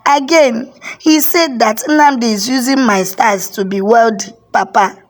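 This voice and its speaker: A woman's voice: on the high side, unhurried, lightly acted. A woman voicing a guilty grown son who cries, stammers and pleads in tears. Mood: remorseful. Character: grown male son, guilty, wailing under ghostly flogging.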